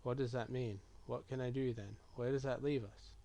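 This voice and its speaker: A man streaming a game, reading typed chat messages and reply choices aloud in a low-key, musing way. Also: steady tone, moderate pace, mellow, a little hiss or hum. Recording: clear keyboard typing behind voice.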